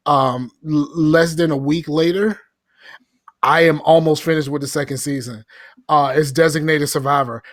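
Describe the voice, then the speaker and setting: A man's voice: on the high side, no room sound, clean studio sound. A man co-hosting a podcast in a casual, laid-back way, rambling a little as he talks. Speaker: podcast co-host. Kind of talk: casual chat.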